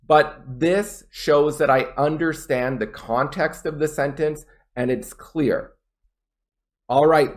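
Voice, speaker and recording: A man teaching English test pronunciation, a native speaker explaining tips and demonstrating in a slow, deliberate way. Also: mid-range voice. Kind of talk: pronunciation lesson.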